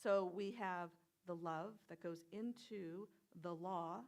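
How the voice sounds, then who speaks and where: A woman minister giving a conversational sermon, telling personal stories with soft whispered asides. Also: lowish voice, takes it slowly. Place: church sanctuary.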